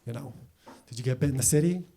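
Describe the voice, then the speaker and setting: A man's voice: mid-range voice, fast talker, dark tone, close to an everyday voice. A man voicing a hesitant male doctor who hedges every word. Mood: deadpan warning. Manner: hesitant, piles up hedging words. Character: hedging, evasive male doctor.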